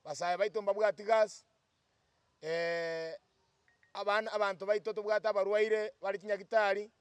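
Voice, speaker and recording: A man with a Kenyan accent gives a forceful political speech to the press. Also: high voice, little pitch movement, moderate pace, smooth, no echo. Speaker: youth speaker at a press briefing. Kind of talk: political speech in a local language.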